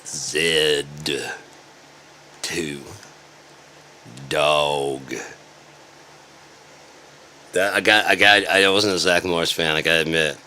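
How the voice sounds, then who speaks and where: A deep, forceful male voice delivering a sarcastic, rambling rant. He swears freely and jumps from point to point like an online commentator sounding off. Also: a little slow, slight background noise. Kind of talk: ranting commentary.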